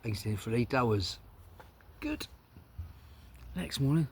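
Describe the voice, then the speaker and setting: Animated male comedian. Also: mid-range voice, slow pace, pauses often, a little hiss or hum. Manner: animated storytelling, repeats words, acts out other people's lines. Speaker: stand-up comedian. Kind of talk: stand-up comedy storytelling.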